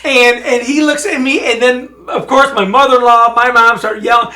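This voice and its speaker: A middle-aged man from Michigan, co-hosting a podcast, telling a family story in a lively, casual way. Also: extremely high pitch, normal speed. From Michigan, USA. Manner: animated storyteller who speeds up and gets loud when retelling scenes. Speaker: podcast co-host.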